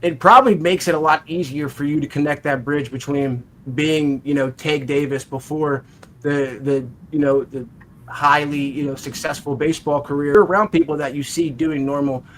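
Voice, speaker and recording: A man's voice: fairly high pitch, fairly even intonation, moderate pace, a bit bright. A man hosting a podcast, asking long rambling questions in a casual, buddy-like way. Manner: rambling questions, says "dude" a lot. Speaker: podcast host. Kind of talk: casual chat.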